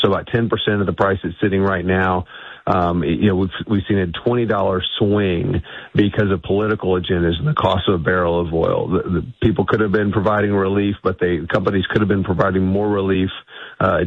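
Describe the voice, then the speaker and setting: A man speaking as a guest in a radio interview by phone, assertive and quick, often restarting his sentences. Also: deep voice, husky, no room sound. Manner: assertive, talks fast with frequent restarts. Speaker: guest, energy think tank executive. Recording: tinny dry phone line.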